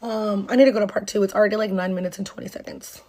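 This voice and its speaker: A woman's voice: mid-range voice, fairly even intonation, racing, darkish tone. A young woman from North Carolina telling a casual storytime monologue, rambling through fillers and swearing as she acts out quoted lines.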